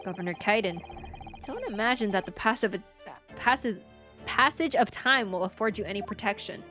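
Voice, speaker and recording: A woman's voice: mid-range voice, moderate pace, bright, forceful tone, soft background music, natural voice. A woman voicing a cold young male prosecutor, reading accusing game dialogue plainly.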